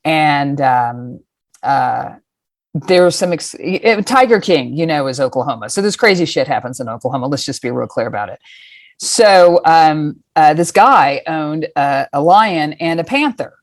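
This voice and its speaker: A woman in her fifties with a low voice tells stories frankly, drifting off on tangents and swearing casually. The sound is close and dry, with no room around it. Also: expressive, a little slow, no echo. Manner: frank, rambling, profane. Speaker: guest. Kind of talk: casual storytelling.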